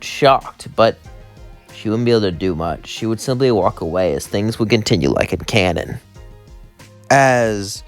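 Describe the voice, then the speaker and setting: Low-voiced man rambling through a story. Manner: rambling, loosely strung clauses. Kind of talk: casual fan-fiction narration.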